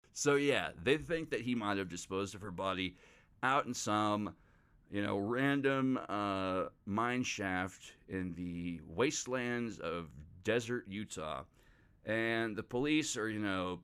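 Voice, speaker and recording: A man's voice: lowish voice, expressive, a little slow, a bit bright, clean tone. A man hosting a podcast, telling a true-crime story in a casual, rambling way, swearing freely and mocking the people he talks about. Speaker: podcast host.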